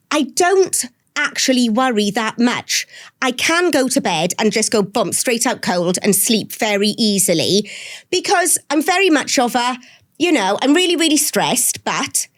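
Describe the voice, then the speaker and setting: Chatty woman, bright-pitched. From Wales. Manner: chatty, lively, frank storytelling. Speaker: guest. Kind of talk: casual interview chat.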